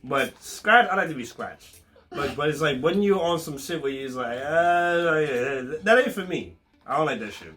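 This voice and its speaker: Lively, bright-voiced man in casual chat. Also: mid-range voice, a little fast, soft background music. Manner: loose slangy swearing, animated. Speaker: vlog co-host, boyfriend.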